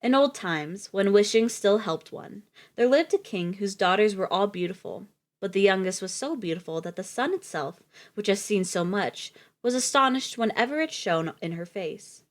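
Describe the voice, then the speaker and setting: A woman's voice: medium pitch, lively intonation, moderate pace. A young woman reading a fairy tale on a live stream, laughing often and stopping for casual asides.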